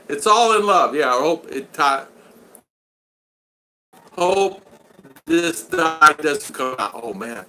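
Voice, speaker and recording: A man's voice: a little high, very animated, slow, vocal fry, long pauses, sharp tone, a little hiss or hum. A man hosting a casual livestream, reading out viewer comments and rambling through jokey stories with frequent laughter. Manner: rambling, jokey, laughs often, retells stories with quoted voices. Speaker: live stream host.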